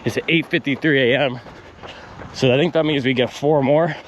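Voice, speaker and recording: Out on a run, a man vlogs a casual, animated rant while working through his pace math aloud. His mid-range voice has fairly even intonation and a moderate pace. The audio has the highs cut off and a little hiss or hum.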